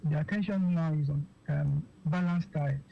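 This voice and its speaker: A physician with a Nigerian English accent, a guest on a radio interview, explaining slowly with many fillers, okays and repeated words. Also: medium pitch, fairly even intonation, vocal fry. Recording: dull lo-fi radio sound with faint noise.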